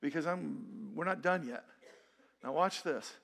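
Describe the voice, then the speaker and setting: Earnest man preaching, fairly high voice. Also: unhurried, creaky, fairly bright tone, husky. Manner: earnest, conversational preaching with frequent restarts. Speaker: pastor. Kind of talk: sermon. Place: church sanctuary.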